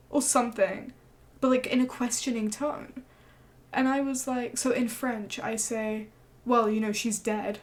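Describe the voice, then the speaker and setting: High-voiced young woman telling a rant story. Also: measured pace. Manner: animated, swears freely, acts out quotes. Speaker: streamer. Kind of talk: casual storytelling chat.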